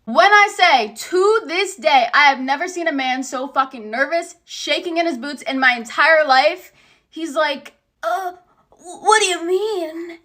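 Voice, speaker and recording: A woman's voice: high voice, a little slow, pushed and bright. A young woman telling a casual storytime, blunt, sarcastic and full of swearing. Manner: blunt and heavily profane, sarcastic.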